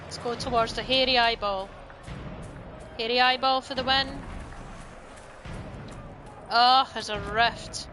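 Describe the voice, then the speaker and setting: A woman's voice: fairly high pitch, steady tone, slow, long pauses, music in the background. A woman streaming a video game, chatting playfully and breaking into squeals and giggles.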